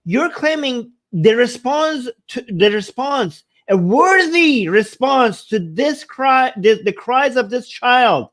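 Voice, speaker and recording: A man's voice: very high voice, a bit bright. A man hosting a debate show, reacting to a clip with angry, indignant commentary and repeating himself. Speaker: host.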